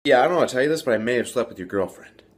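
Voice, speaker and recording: A young man with an ordinary mid-pitched voice who plays the earnest, slightly awkward straight man in quick comedy sketches. His delivery stays plain and sincere. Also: lively intonation. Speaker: sketch partner.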